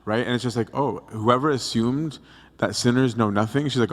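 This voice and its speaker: Man, young adult priest, mid pitch, chatty youth talk, acts out quotes, long hall reverb. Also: fairly even intonation, brisk. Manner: conversational, acts out quotes, frequent "right?". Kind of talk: casual youth talk on scripture. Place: church hall.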